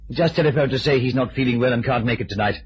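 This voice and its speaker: An actor playing an excitable, theatrical stage actor in a vintage radio drama. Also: male voice, mid-range voice, very fast, a little hiss or hum, close to an everyday voice. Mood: fussy. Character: fussy theatrical actor-manager, flamboyant. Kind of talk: 1950s radio drama acting. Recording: dull vintage radio recording with music.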